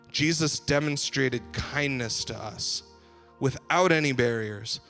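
A man preaching to a gathered group with a fairly high voice. His delivery is loose and conversational, full of restarts and "like"s. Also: moderate pace, a bit bright, soft background music. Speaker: pastor. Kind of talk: sermon.

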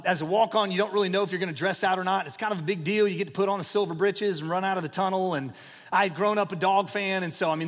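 With a slightly bright voice pitched fairly high for a man, a pastor in his forties tells his sermon like a story, conversational and full of fillers such as "you know" and "like." A long reverb makes it sound like a big hall.

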